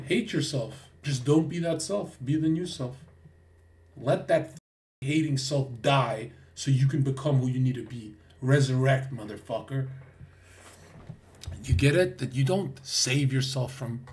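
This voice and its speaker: A man's voice: medium pitch, animated, a little slow, far from the mic, slight background noise. A man streaming to his chat, ranting in a blunt, preachy way with lots of swearing. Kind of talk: livestream rant to chat.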